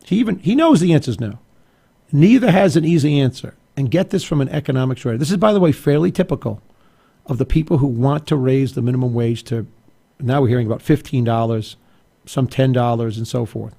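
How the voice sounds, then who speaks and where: Male talk host, gravelly and husky, dark-toned, argumentative and emphatic. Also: medium pitch, fairly quick. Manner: emphatic and argumentative, with frequent restarts and asides. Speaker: radio talk show host. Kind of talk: opinionated political commentary.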